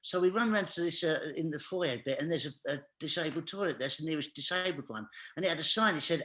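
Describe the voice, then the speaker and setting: A man's voice: on the high side, expressive, fast, hardly any pauses, sharp tone. A man, a guest on a chat show, telling a comic anecdote and acting out each scene with animation.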